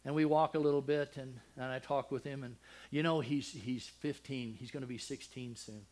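An older man preaching a sermon, telling a personal family story with deep feeling, dropping to a hush and then rising loud, with many restarts. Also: fairly even intonation, normal speed. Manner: emotional, swings from loud and high to hushed and soft; rambling with frequent restarts.

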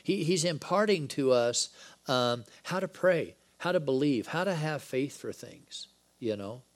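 A man's voice: fairly high pitch, unhurried. A man preaching a Bible-study sermon in a conversational way, dropping joking asides between the scripture passages. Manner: reads scripture dialogue with lively emphasis.

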